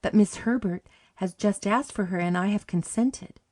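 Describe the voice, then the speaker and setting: A woman voicing a stern orphanage matron, brisk and bossy. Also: medium pitch, a little mellow, pitched above the performer's own voice, natural voice.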